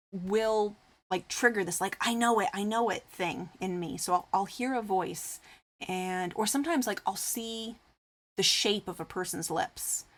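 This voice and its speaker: Chatty woman streamer, rambling. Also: mid-range voice. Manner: rambling and chatty, full of "like" fillers; reads viewer comments aloud and answers them. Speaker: craft streamer. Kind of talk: casual chat with live viewers.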